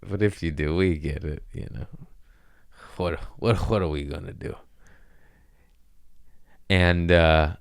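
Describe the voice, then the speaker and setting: A man's voice: deep voice, takes it slowly, gravelly, pauses often, smooth, no room sound, studio quality. A man hosting a podcast, rambling through absurd comic tangents, profane and amused at himself. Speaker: podcast host. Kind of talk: rambling comedic monologue.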